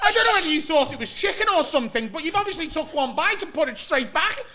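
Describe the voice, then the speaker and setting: A fussy landlord in a fury, as a man puts him on in a comedy story, scolding in a shrill, bright voice. His pitch runs high and his indignation never lets up. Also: fast talker. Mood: indignant ranting. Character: fussy furious male landlord ranting.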